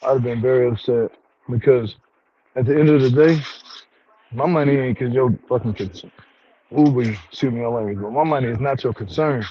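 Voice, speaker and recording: A man's voice: mid-range voice, brisk, muffled recording, a little hiss or hum. A man hosting a casual review chat at home, talking in a laid-back, slangy way and chuckling often. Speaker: show review host.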